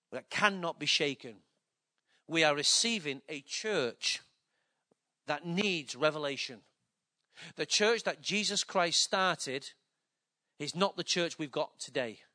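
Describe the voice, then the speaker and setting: An older man delivers an emphatic sermon, swinging between loud declarations and hushed, low passages.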